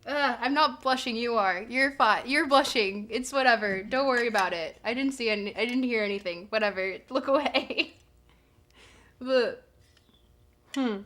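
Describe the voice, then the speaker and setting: Giggly young woman streaming, high bright voice, gushy and chatty. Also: moderate pace. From Canada. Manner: bubbly and giggly, gushing thanks to viewers. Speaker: live streamer. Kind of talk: casual live-stream chat.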